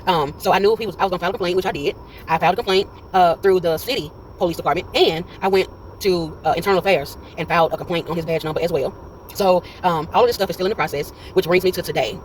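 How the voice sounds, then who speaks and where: Brief: man in his 40s, vlogger recounting a run-in, very rapid delivery, animated, plays every side of the conversation. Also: high voice, a little hiss or hum, low-quality recording. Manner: animated retelling that acts out quoted dialogue. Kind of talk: casual storytelling vlog. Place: in a parked car.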